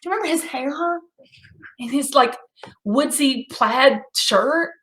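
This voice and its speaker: Bright, gushing woman host. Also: high voice, animated, measured pace. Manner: gushing, exclamatory, bursts into singing. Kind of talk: casual live-stream chat.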